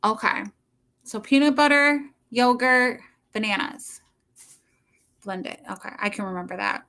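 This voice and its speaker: A woman's voice: on the high side, unhurried, pushed and bright. A middle-aged woman chatting casually with viewers on a livestream from home, rambling and laughing often.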